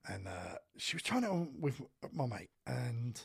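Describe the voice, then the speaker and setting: A man with a mid-range, creaky, husky voice speaks a little slowly as he co-hosts a podcast. In casual chat, he tells a long personal story, animated and full of swearing.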